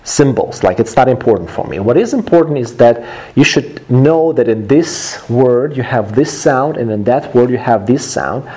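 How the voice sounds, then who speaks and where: A man's voice: mid-range voice, animated, normal speed, dark tone, slightly rough. A male English teacher whose first language is Russian, explaining phrases in simple words during a lesson.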